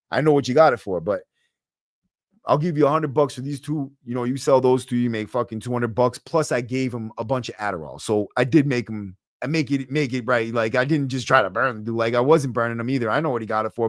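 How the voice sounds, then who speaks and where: A young man with a Boston accent telling a story on a podcast in a streetwise, profane, animated way. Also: medium pitch, fast, no echo, studio quality. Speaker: guest storyteller. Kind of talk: casual storytelling. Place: podcast studio. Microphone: podcast microphone.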